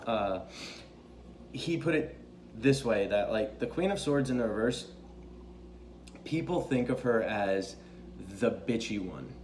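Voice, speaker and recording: A young man talks through a tarot reading in a relaxed, rambling way, cursing freely and circling back on his words. His voice sits at an ordinary middle pitch. The sound carries a noticeable room echo. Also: slow, long pauses, slight background noise. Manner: loose and chatty, swears freely, many fillers. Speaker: tarot reader. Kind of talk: casual spoken tarot reading.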